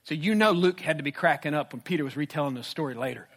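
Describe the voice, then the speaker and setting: A male pastor preaching a sermon, animated, with swings from hushed to loud. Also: a little high, fast.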